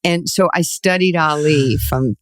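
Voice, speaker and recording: A woman in her sixties from New York, a guest telling lively stories in an interview and acting out the voices in them. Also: low voice, measured pace, slight background noise. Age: 60s. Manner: animated storyteller, acts out quoted voices, laughs often. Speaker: guest, former basketball player. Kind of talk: storytelling interview.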